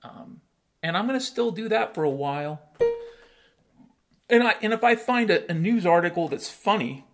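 A man's voice: high voice, lively intonation, moderate pace, a bit bright, faint music behind. A man hosting a solo podcast, talking straight to his listeners in a blunt, sarcastic rant full of swearing and rhetorical questions. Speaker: podcast host.

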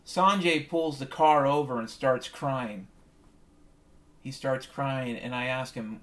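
A man rambles through a comic monologue, swearing freely and drifting into conspiracy talk. His voice sits at an ordinary middle pitch, with piano music playing behind him. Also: unhurried.

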